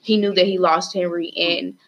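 A woman's voice: fairly low pitch, fairly even intonation, normal speed, dull audio. A woman casually retelling a story as a student podcast host, rambling with lots of fillers and restarts.

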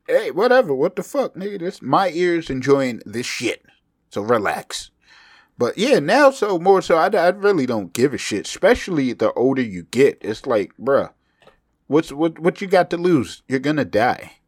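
On his solo podcast, a young man with a medium-pitched voice talks casually and profanely, mocking himself as he rambles. A slight speech impediment is audible, and the recording is dry with clean studio sound.

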